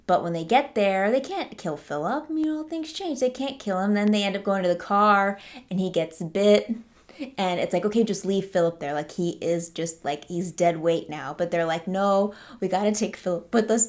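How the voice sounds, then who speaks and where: A woman hosting a casual film review vlog, chatty and enthusiastic, with lots of fillers and restarts. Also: mid-range voice. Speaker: movie reviewer, channel host.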